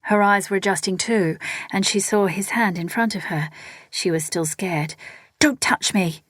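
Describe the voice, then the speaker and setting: A woman narrating a novel in a steady storytelling read. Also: mid-range voice, moderate pace, no room sound, studio quality. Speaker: audiobook narrator. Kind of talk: scripted narration.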